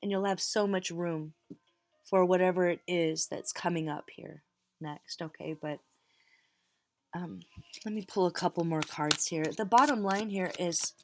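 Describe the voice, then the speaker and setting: Soft-voiced woman giving tarot encouragement. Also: lowish voice, unhurried, soft background music. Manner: warm encouraging pep talk, direct address. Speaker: tarot reader. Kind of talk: casual tarot reading to viewers.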